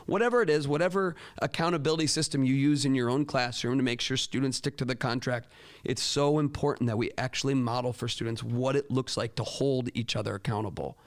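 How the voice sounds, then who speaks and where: A man's voice: mid-range voice, fairly quick. A man, a teacher, talking earnestly to fellow teachers and acting out quoted dialogue in a raised voice. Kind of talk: talk to teachers with classroom stories.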